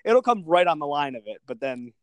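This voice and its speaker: A man's voice: fairly high pitch, sing-song, fairly quick, dry recording. A young man co-hosting a podcast in casual, profane banter, ranting and mocking with frequent laughter. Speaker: podcast co-host.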